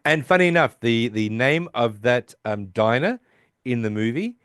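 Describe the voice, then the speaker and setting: A man's voice: medium pitch, very animated, normal speed, a bit bright, smooth, dry recording, studio quality. A man hosting a podcast, casually retelling a TV episode in a rambling way with many restarts. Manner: rambling, with restarts and quoted voices. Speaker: podcast host.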